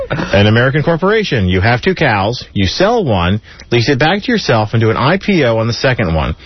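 Slightly rough and mid-range, this male voice belongs to a community radio host in his studio who reads off jokes in an animated way, laughing softly after each. The recording has a dull, lo-fi broadcast quality.

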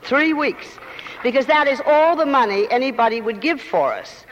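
A woman's voice: high voice, lively intonation, normal speed, big-room sound, dull audio, a little hiss or hum. An older woman with a mid-Atlantic accent, a guest talking emphatically and theatrically in a live on-stage interview, often laughing.

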